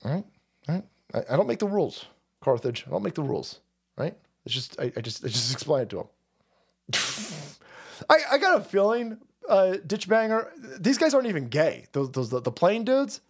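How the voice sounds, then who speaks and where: A man's voice: high-pitched, big pitch swings, normal speed, husky. A man ranting on a livestream, profane and heated, with frequent stammering restarts. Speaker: streamer. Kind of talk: livestream rant.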